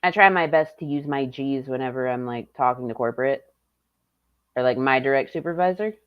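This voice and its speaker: A woman with a Southern US accent, hosting a stream and chatting casually with relaxed, playful asides. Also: extremely low pitch, brisk, smooth, dull audio. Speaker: streamer host.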